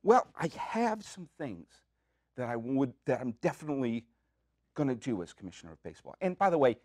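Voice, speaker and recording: A man hosting his own podcast, talking in an excitable, jokey, rambling way with quick asides from a community media studio. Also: medium pitch, dry recording. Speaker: podcast host. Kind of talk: comic solo podcast monologue.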